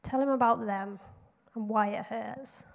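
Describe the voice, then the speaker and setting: High, encouraging woman leading children's prayer. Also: steady tone, vocal fry. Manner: bright, encouraging, paced with pauses. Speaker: children's church leader. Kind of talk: guided prayer for children and families. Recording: long hall reverb.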